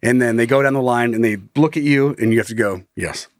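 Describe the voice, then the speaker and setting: Male co-host, lively storyteller who acts out the voices, mid pitch, dry studio sound. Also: fast talker, no room sound. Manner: animated storyteller, acts out other people's lines. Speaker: podcast co-host. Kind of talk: casual comedic storytelling.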